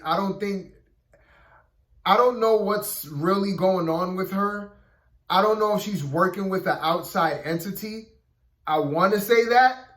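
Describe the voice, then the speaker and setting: Casual reviewer, male, higher register, loose filler-heavy delivery, roomy echo. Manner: rambling, filler-heavy, keeps saying "you know what I mean". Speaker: TV episode reviewer.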